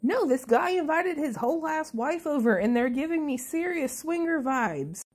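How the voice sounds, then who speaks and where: A woman's voice: high-pitched, animated, normal speed, a little mellow. A woman recapping a movie in a casual, chatty way, sarcastic and full of swearing.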